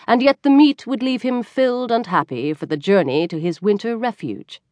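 Woman, audiobook narrator, lowish voice, very animated pitch, dry close sound. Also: no room sound. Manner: expressive, lively storytelling.

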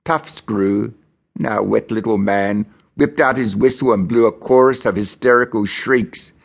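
A man from Australia reads a novel aloud in the first person, measured and grim. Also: lowish voice, gravelly. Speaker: audiobook narrator.

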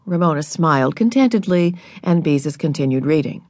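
A woman narrating a children's audiobook in a scripted, expressive storytelling manner, recorded in a studio. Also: low voice, normal speed, vocal fry, few pauses, husky, no room sound.

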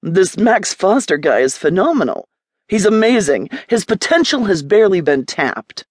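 A woman narrator voicing a confident, amused male design executive in an audiobook, speaking in a smooth, self-assured way. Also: high-pitched, sing-song, moderate pace, no room sound, clean studio sound, heavily acted. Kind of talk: audiobook character voice.

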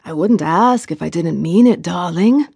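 A woman's voice: fairly low pitch, expressive, normal speed, darkish tone, husky, no room sound, clean studio sound. A woman voicing a charming, easygoing young man in an audiobook, affectionate and teasing. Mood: coaxing. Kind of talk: audiobook character voice.

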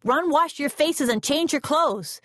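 A woman voicing a short-tempered, harried mother in an audiobook, snapping out sharp commands. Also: high-pitched, unhurried, no echo, studio quality, voice pushed up. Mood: impatient. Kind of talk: audiobook character reading.

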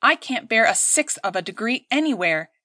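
A woman's voice: on the high side, animated, normal speed, pushed and bright, no echo, clean studio sound. A woman voicing a tense female starship pilot who snaps back under pressure, in an audiobook reading. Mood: strained. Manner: strained, snappish.

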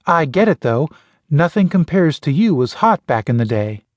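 A cocky young man cracking sarcastic jokes in a sci-fi audiobook, as a male narrator plays him. His voice sits on the higher side, teasing and glib. The sound is close and dry. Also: very animated, moderate pace, darkish tone, dry recording. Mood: joking. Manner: sarcastic, joking. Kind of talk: audiobook character voice.

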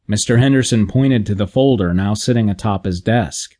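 A male audiobook narrator with a slightly low voice, reading a comic novel in a measured, deadpan way. The delivery is steady and scripted.

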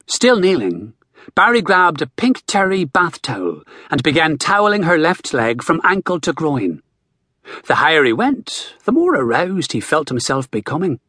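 A male audiobook narrator, reading with expressive storytelling. His slightly husky voice moves animatedly through its pitch, and the recording is dry and close. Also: moderate pace, no echo. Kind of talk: scripted narration.

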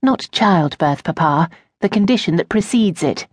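A woman's voice: on the low side, animated, moderate pace, breathy edge, no room sound, studio quality. A woman narrating an audiobook, voicing a poised young noblewoman who answers her father with composed asperity. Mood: tart. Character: poised young noblewoman, a debutante and patient daughter. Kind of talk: audiobook character voice.

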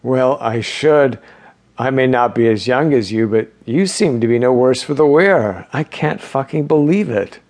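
A man's voice: medium pitch, measured pace, darkish tone, lightly acted. A male audiobook narrator voicing a blunt man recovering in a hospital bed who curses freely. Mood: gruff.

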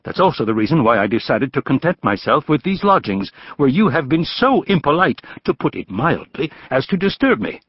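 A man voicing a weary, proud land surveyor in an audiobook, speaking calmly and softly. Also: fairly high pitch, brisk, hardly any pauses, husky, no room sound, highs cut off, pitched above the performer's own voice. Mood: cool. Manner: calm, soft-spoken, dry.

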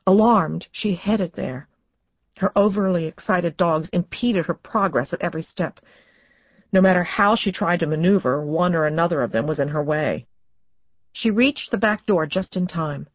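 A woman's voice: lowish voice, dry recording, highs cut off. Woman narrating a suspense audiobook. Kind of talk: scripted narration.

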